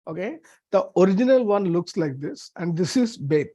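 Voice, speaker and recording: Casting: high-pitched man, halting Bible teacher, dry close sound. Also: animated, dark tone, dry recording. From India. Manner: halting, many fillers and restarts. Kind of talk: teaching a lesson on Hebrew letters.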